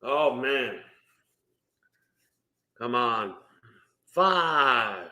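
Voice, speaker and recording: A man hosting a live wrestling watch-along stream, calling the action excitedly and bursting into loud reactions while greeting chat viewers. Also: mid-range voice, drawn-out words. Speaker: watch-party stream host. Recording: roomy echo.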